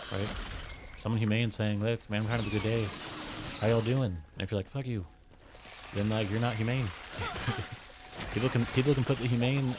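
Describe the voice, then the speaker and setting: A man's voice: fairly low pitch, noisy background. A man streaming a game, rambling casually with lots of filler words and frequent chuckles. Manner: rambling, heavy use of "like", chuckles often.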